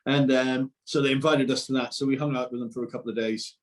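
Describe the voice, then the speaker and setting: A middle-aged man, telling a lively story as a guest and acting out what people said. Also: mid-range voice, quick pace. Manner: animated, acts out quotes loudly. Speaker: musician guest, husband. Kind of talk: casual storytelling.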